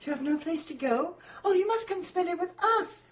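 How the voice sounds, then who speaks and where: A woman's voice: very high voice, brisk, slight background noise. A woman in a comic amateur stage reading, hamming it up and giggling between roles.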